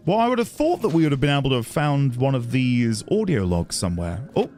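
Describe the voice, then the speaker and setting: A man talks casually to his stream audience while he plays, with a lively voice that rises and falls a lot. Quiet music plays underneath him. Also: medium pitch, a little fast. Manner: reflective, chatty, thanking viewers. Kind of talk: casual gameplay commentary.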